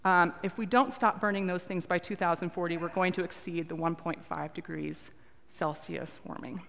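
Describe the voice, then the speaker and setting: A woman's voice: fairly low pitch, steady tone, normal speed, gravelly, fairly bright tone. Woman talking to a church crowd, earnest and chatty with lots of ums, big echoey sanctuary. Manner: earnest, conversational, with frequent ums. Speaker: lay speaker at a church service. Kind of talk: earnest talk to a congregation. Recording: long reverb of a large hall.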